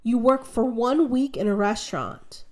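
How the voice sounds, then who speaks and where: A woman telling stories in a lively, chatty way, acting out what people said. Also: a little high, normal speed. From United States. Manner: animated, chatty, acts out quotes in her story. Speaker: guest. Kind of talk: casual conversational storytelling.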